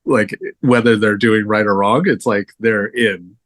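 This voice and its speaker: A man's voice: on the low side, steady tone, measured pace, a bit bright, no room sound. A man appearing as a podcast guest, talking about films in a loose, casual way with lots of fillers and laughter. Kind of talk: casual film chat.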